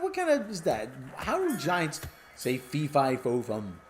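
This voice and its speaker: Rambling man with a lively, swinging voice. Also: fairly high pitch, unhurried, slight background noise. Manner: musing, self-interrupting, clears throat often. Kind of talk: rambling stand-up comedy monologue.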